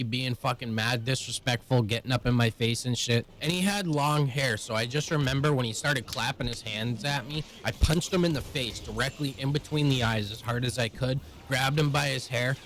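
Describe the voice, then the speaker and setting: A young man telling a personal story in blunt, profane, rapid-fire language. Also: mid-range voice, a bit bright. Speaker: vlogger.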